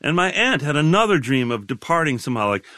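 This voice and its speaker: A man in his sixties, a guest in a reflective interview, talking in a halting, rambling way with many restarts. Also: on the high side, big pitch swings, bright, forceful tone, dry recording, clean studio sound. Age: 60s.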